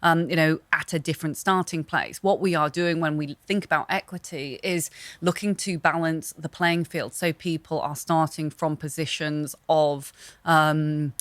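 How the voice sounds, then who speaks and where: A middle-aged woman talking quickly and animatedly as a podcast guest, with lots of fillers and restarts. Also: low voice, dry recording. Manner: fast, animated talker with many fillers. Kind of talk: casual podcast conversation.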